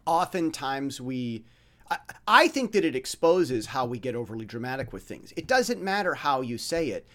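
Stammering, lively-voiced male podcast host. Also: mid-range voice, normal speed. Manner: stammering, frequent restarts, blunt; mimics dramatic voices when illustrating points. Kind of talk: rambling monologue.

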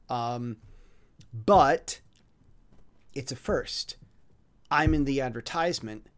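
A man's voice: mid-range voice, a bit bright. A man hosting a podcast alone, talking casually in a rambling, self-mocking way, with frequent restarts and fillers. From foreign resident in Taiwan. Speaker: podcast host. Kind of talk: casual monologue.

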